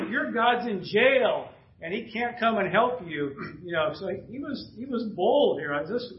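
Man preaching, clearing his throat often. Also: on the high side, roomy sound, lo-fi sound, slight background noise. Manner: clears throat often, casual asides between readings. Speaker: pastor. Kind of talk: sermon with scripture reading. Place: church sanctuary.

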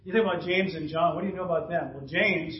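A man's voice: on the high side, fast talker. A man in his fifties, a pastor preaching a conversational sermon, chuckling and acting out bits of dialogue. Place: church sanctuary. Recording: roomy, distant, dull church recording.

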